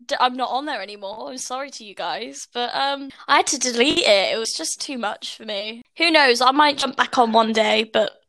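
A woman's voice: fairly high pitch, moderate pace, few pauses, bright, forceful tone, no echo. A British woman co-hosting a casual podcast, chatting and giggling as she tells stories. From Britain. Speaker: podcast co-host. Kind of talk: casual chat.

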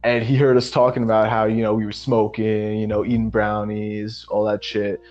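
A young man co-hosting a podcast, telling a long personal story in a relaxed, profane way, with lots of "man" and "you know". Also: fairly low pitch, moderate pace. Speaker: podcast co-host. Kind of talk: casual storytelling chat. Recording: slightly muffled lo-fi audio with faint music.

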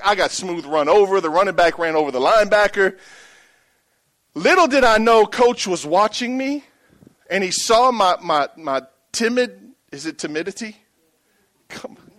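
A man's voice: high-pitched, fairly bright tone. A middle-aged pastor preaching a sermon, telling a story and calling out to his congregation for a response.

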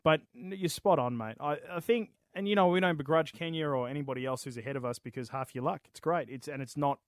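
A man's voice: on the high side, quick pace, no room sound. An Australian man co-hosting a gaming podcast, agreeing with his mate and explaining his view in casual chat. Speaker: podcast co-host.

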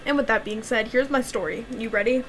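A young woman with a somewhat high voice, chatting and telling a story on a podcast. She is sarcastic and laughs a lot, swears freely, and a faint hiss runs under her voice. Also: a little fast. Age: young adult. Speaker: podcast co-host. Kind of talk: casual chat and true crime storytelling.

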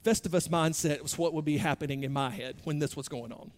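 A man preaching a sermon in a conversational, self-deprecating way, moving between quiet asides and louder bursts. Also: fairly high pitch, fast talker, in a large hall. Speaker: pastor.

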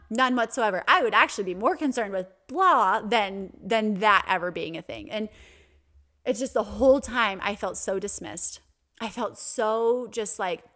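A woman's voice: medium pitch, a bit bright. A young adult woman hosting a podcast, telling a personal story in an earnest, reflective way with small restarts. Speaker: podcast host.

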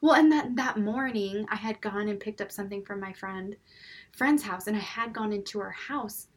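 A young mother co-hosts a podcast, chatting casually and acting out stories about her five-year-old son, playing both him and herself with animated flair. Her voice is medium-pitched and breathy at the edges, moving at a normal speed.

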